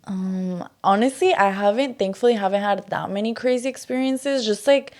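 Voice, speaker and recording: A woman's voice: medium pitch, normal speed, darkish tone. A young woman co-hosting a podcast, talking frankly in casual chat full of "like". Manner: frank, filler-heavy, reacts with gasps. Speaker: podcast co-host.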